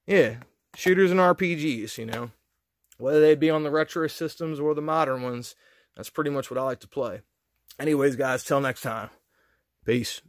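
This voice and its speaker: A man's voice: on the high side, moderate pace, no room sound. A man hosting a retro gaming channel, chatting casually about his video game pickups in a rambling, slangy way. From United States. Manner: rambling, laid-back, slangy with restarts.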